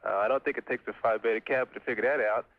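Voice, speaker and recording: A man's voice: medium pitch, fairly even intonation, racing, no room sound. Man, radio caller, casual, rambling, dry, muffled lo-fi sound. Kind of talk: call-in radio chat.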